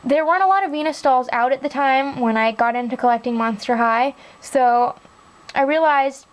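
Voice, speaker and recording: A young woman with a high, light voice talks through her collection in a relaxed, chatty way. She gushes with "like" and "really, really," the easy show-and-tell tone of a hobby vlog. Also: normal speed, low-quality recording. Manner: chatty and enthusiastic, with frequent "like" and "really, really". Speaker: doll collector vlogger. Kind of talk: casual show-and-tell narration.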